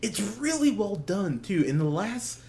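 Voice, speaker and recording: A man's voice: high voice, sing-song, measured pace, a little mellow. A young man co-hosting a movie podcast, gushing in casual chat, swearing often and laughing. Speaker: podcast co-host. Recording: faint background noise.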